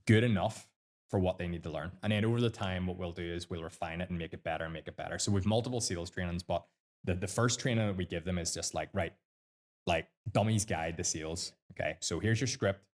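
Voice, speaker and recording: Northern Irish man, deep voice, quick and blunt, sweary mentor type. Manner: blunt, sweary, fast-talking. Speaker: sales mentor guest. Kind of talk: casual podcast chat.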